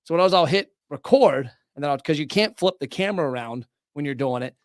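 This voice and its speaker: A man hosting a casual podcast conversation from his studio, energetic and motivational, talking in quick bursts. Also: fairly high pitch, no room sound. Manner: salesy, motivational. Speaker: podcast host.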